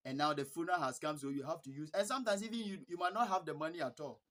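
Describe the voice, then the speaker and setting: A Ghanaian man vlogging in a casual storytelling style. He is animated and laughs between phrases. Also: a little high, racing. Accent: Ghanaian English. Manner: earnest, blessing-filled sign-off.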